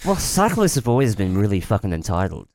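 A man's voice: on the low side, huge pitch swings, a little fast, a little mellow. A man, co-hosting a casual podcast in an easygoing, agreeable way. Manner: easygoing, agreeable, laughs often. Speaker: podcast co-host. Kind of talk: casual chat.

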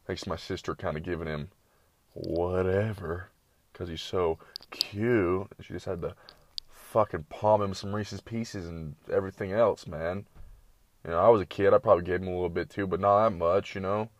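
Young guy with a really low voice, swearing a ton and going off on tangents, dry close sound. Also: steady tone, normal speed, no echo. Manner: profane, slangy storytelling full of tangents. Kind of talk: rambling late-night monologue.

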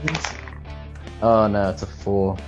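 Low-voiced man calling dice rolls. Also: lively intonation, slow, dull audio, faint music behind. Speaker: player. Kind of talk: casual tabletop play.

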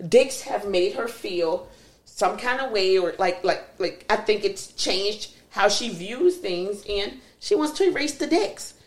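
Woman hosting a podcast, loud blunt jokes, lively bouncy voice, kinda roomy echo. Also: mid-range voice, measured pace. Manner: blunt, joking, emphatic. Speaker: podcast host. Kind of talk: casual banter.

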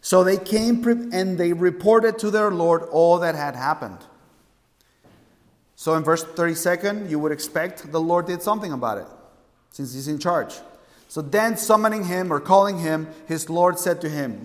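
High-voiced preacher in an echoing hall. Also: male voice, moderate pace. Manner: emphatic, asks the congregation questions. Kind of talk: sermon.

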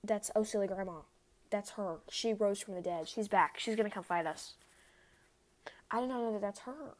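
A young woman hosting a casual solo podcast, rambling with many fillers. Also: medium pitch. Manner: rambling, heavy use of "like", quick laughs. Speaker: podcast host.

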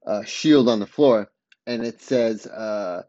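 A man's voice: lowish voice, takes it slowly, mellow, no room sound, muffled recording. A man giving a casual spoken recap, rambling along and often stopping to correct himself mid-sentence.

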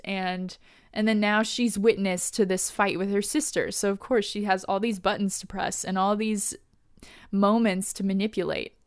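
A woman hosting a podcast, recapping an episode in a casual, animated way. She laughs often and swears casually. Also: mid-range voice, clear, resonant tone, dry recording, studio quality. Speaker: podcast host.

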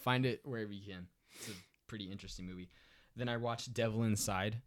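A man's voice: lowish voice, fast talker. A young man chatting casually with friends on a podcast, laid-back and rambling, swearing freely. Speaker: podcast co-host. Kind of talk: casual chat among friends.

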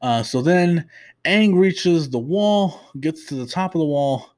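A man's voice: a little high, expressive, slow pace, a little mellow, no room sound. A young man hosting a podcast, chatting through an episode recap with many fillers and restarts, openly emotional. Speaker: podcast host.

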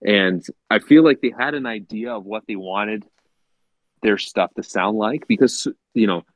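A man's voice: lowish voice, normal speed, no room sound, poor audio. A man co-hosting a music podcast in casual chat, enthusiastic and leaning on "like" and "I feel like". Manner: enthusiastic, heavy use of "like" and "I feel like". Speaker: podcast co-host.

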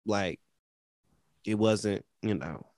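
A man co-hosting a casual talk show, telling a personal story in a dramatic, animated way and quoting the people in it. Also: on the low side, extremely slow, no echo, clean studio sound. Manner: animated, dramatic retelling with quoted voices. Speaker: podcast co-host.

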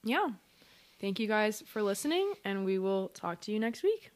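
A woman's voice: medium pitch, big pitch swings, moderate pace. A young woman co-hosting a podcast, telling a story in casual chat with her sister and laughing often. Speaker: podcast co-host.

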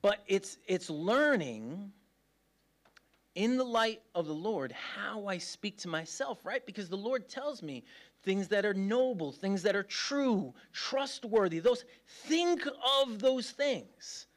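A man's voice: high-pitched, animated, slow pace. A man preaching a sermon in a casual, joking, self-deprecating way, laughing often as he talks. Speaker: pastor.

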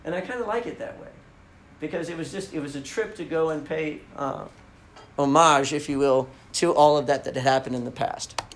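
A man telling a story in a casual talk, animated, often laughing and acting out the lines he quotes. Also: on the high side, normal speed, echoey room, low-quality recording. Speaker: speaker telling a running story.

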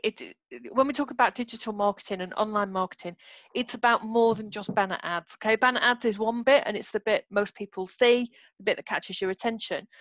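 A woman's voice: mid-range voice, fairly bright tone, dry recording, highs cut off. A woman co-hosting a podcast, explaining things in a patient, firm way. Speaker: podcast co-host. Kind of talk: casual chat.

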